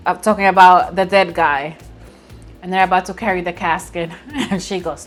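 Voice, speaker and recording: A woman casually recapping and reviewing a movie at home by her window, chatty and expressive, often laughing as she retells scenes. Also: lowish voice, normal speed, soft background music.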